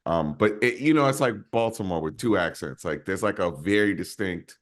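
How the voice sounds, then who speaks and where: A male podcast co-host in casual chat, musing slowly with a slight stutter and a habit of saying "man.". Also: sits low, expressive. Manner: musing, slow, repeats "man".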